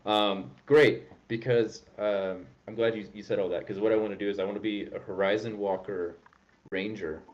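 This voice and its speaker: A man's voice: on the low side, steady tone, normal speed, muffled recording. A man hosting a podcast, chatting playfully and rambling about a tabletop game. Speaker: podcast host. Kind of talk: casual chat about tabletop gaming.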